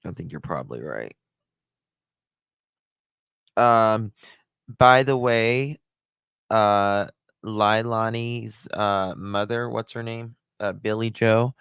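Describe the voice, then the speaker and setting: A man's voice: lowish voice, slow, pauses often, fairly bright tone, clear, resonant tone, dry recording. A man hosting a casual livestream, greeting chatters one by one and talking candidly, with some swearing. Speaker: livestream host. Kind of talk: casual live-stream chat.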